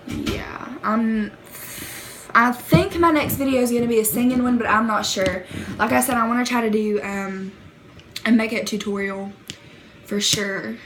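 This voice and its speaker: A woman's voice: fairly high pitch, fairly bright tone, slight background noise, low-quality recording. Giggly Southern woman telling a story. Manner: chatty, rambling, full of "like" fillers; giggly and self-deprecating. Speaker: vlogger. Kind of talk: casual storytime chat.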